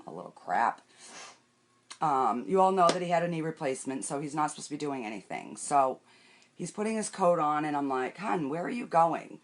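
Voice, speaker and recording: Low-voiced older woman chatting on a live stream. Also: a little hiss or hum. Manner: chatty, rambling, greets viewers by name; talks while wiping her face and doing makeup. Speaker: makeup vlogger. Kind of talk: casual live-stream chat.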